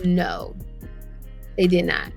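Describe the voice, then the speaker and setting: A woman's voice: lowish voice, big pitch swings, slow pace, vocal fry, faint music behind. A woman guest in an interview, speaking candidly and conversationally about her own experience, often voicing her past thoughts aloud. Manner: earnest, conversational, drops into quoted thoughts. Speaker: guest, cancer survivor. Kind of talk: candid personal storytelling.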